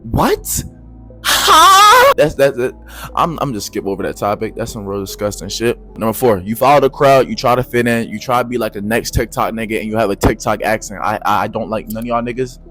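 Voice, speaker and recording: A young man giving a profane, slangy advice rant to camera, swinging between low mutters and loud shouts. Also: fairly even intonation, fast, faint music behind. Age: young adult. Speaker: vlogger.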